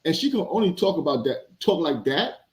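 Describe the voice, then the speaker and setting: A man joins a casual panel discussion, speaking in an animated, emphatic way. His voice sits slightly high and rings in a roomy echo. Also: a little fast.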